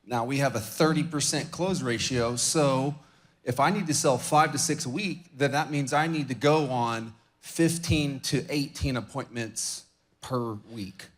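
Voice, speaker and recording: A man's voice: mid-range voice, unhurried. A man attending a conference who gives an example from the floor, walking through his figures step by step. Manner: methodical, walks through numbers step by step.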